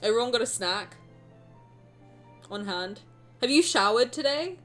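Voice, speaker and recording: Woman streamer, self-mocking and jokey, with a bouncy, expressive voice over quiet background music. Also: on the high side, measured pace. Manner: animated, joking and self-mocking. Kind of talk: casual chat with viewers.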